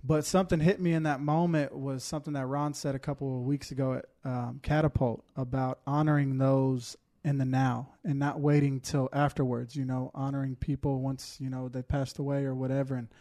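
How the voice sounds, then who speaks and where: A man's voice: mid-range voice, little pitch movement, fairly quick, hardly any pauses, mellow. A man sharing a heartfelt testimony in casual chat, with many fillers, fighting back tears.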